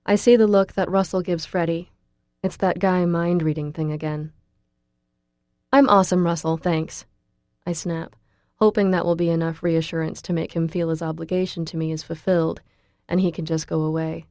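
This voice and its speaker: A woman reading a first-person audiobook in a steady, plain storytelling manner. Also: fairly low pitch, a little fast, no echo, studio quality. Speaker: audiobook narrator.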